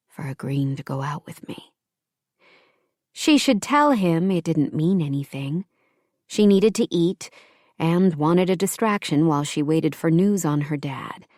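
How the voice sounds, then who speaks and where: A woman reading an audiobook romance in calm, even scripted narration. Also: on the low side, no echo, clean studio sound.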